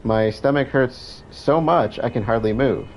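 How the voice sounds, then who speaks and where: A man's voice: mid-range voice, unhurried, slight background noise, close to an everyday voice, poor audio. A man reading aloud the last note of a dying male worker, in a weary, pained voice with swearing.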